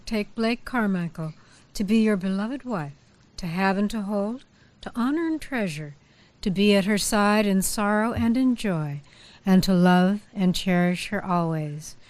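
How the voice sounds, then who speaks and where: A woman officiating a wedding, leading the couple through their vows in a warm, playful, coaxing way. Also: medium pitch.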